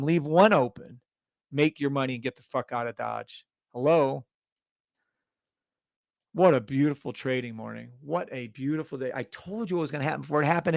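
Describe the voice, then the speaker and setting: Hyped, swearing live-stream trading host. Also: male voice, a little high, creaky, dry recording. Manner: loud, hyped, profane, swings between shouting and muttering.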